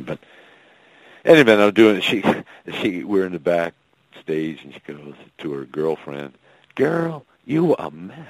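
A man's voice: a bass voice, dry recording, rough recording. A man from Michigan, a guest musician, chatting in a radio interview and rambling through anecdotes with frequent chuckles. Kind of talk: casual radio interview chat.

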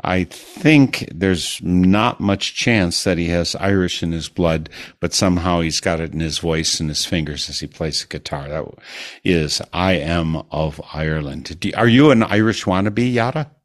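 A man hosting a radio show, introducing songs and asking his guest questions at a measured pace. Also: low-pitched, no room sound, studio quality. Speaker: radio host. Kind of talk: radio interview.

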